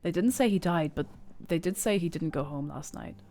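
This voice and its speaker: A woman reading a grumpy young woman's lines in a game, curt and dismissive, a little lower than her own voice. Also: a little fast, natural voice. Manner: curt, dismissive, low and flat.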